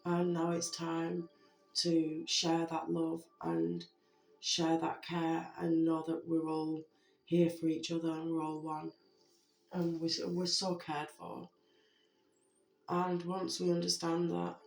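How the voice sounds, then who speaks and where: A spiritual message giver speaking to viewers in a heartfelt way, gently repeating reassurances with many fillers. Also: medium pitch, completely flat delivery, takes it slowly, gravelly. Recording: roomy echo with faint background music.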